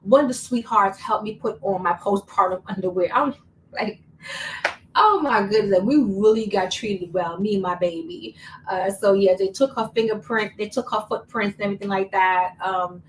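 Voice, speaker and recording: A woman's voice: medium pitch, normal speed. A young woman tells a personal story in a casual, chatty vlog, repeating words for emphasis. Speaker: vlogger. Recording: slightly distant mic, faint room noise.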